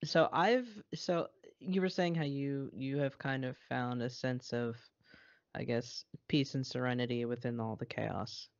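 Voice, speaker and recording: A man's voice: medium pitch, fairly even intonation, unhurried, gravelly, no room sound. A man co-hosting a podcast, blunt and sarcastic and swearing freely, recorded over an internet call. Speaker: podcast co-host. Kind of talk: casual chat. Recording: muffled dry call recording.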